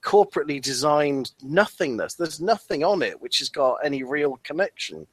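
A man's voice: fairly high pitch, expressive, normal speed, husky, dry recording. A man co-hosting a casual podcast, rambling and jokey with many restarts and fillers. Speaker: podcast co-host.

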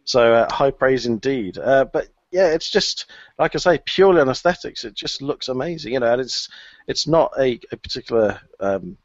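A man's voice: mid-range voice, expressive, normal speed, dry recording. A man co-hosting a casual podcast, chatty, with frequent fillers and easy laughter. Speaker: podcast co-host. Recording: dull lo-fi podcast audio.

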